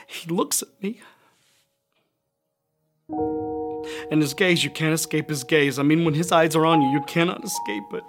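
A remorseful, impulsive fisherman disciple, played by a man in a staged church monologue, with a fairly high voice. He speaks haltingly and confessionally, then swells into shouts. Clear music plays under him throughout. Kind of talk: dramatic monologue over music.

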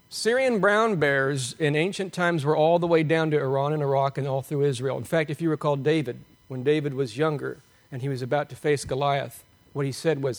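A man preaching a sermon, animated and emphatic, asking the congregation rhetorical questions. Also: fairly high pitch. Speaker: pastor.

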